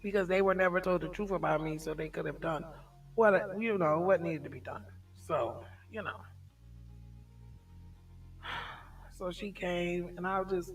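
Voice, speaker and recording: A middle-aged woman hosting a casual livestream chat, telling stories in an animated way and laughing often. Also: on the low side, unhurried, long pauses, slightly rough, distant mic, faint music behind. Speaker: livestream host.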